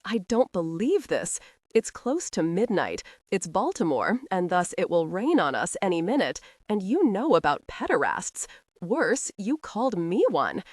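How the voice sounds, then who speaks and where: A woman voicing a defiant, sharp-tongued young tomboy in an audiobook. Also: fairly low pitch, big pitch swings, a little slow, no room sound, studio quality. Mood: heated.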